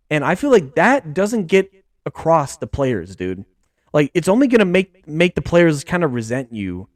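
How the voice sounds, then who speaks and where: A young man hosting a casual sports podcast, rambling excitedly with lots of fillers. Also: a little high, normal speed, no room sound, studio quality. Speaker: podcast host.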